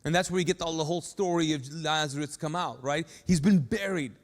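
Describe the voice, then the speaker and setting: A man with a high voice delivers a sermon in a large church hall. He is animated and acts out the lines he quotes. The recording carries a long, ringing reverb from the room. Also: brisk. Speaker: pastor.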